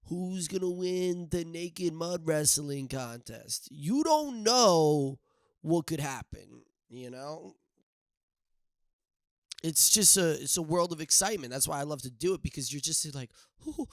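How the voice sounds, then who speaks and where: A young man hosting a casual solo podcast, rambling and joking with sudden loud outbursts. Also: a little high, lively intonation, a little slow, dry recording, clean studio sound. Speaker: podcast host.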